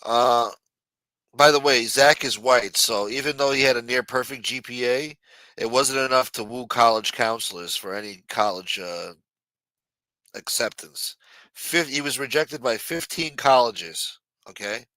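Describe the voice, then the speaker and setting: A man's voice: medium pitch, unhurried, bright, forceful tone, no echo. A man hosting a late-night livestream, chatting casually and profanely while reading viewer messages. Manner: loose, profane, jokey banter reading viewer chats. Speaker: livestream show host.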